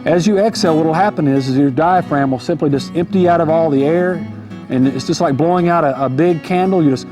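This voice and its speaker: Man, riding instructor, folksy and relaxed, a touch high-voiced, guitar music underneath. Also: fairly quick. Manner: easygoing, folksy, repeats key points. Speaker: horse trainer. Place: outdoor arena on horseback. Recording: music playing behind.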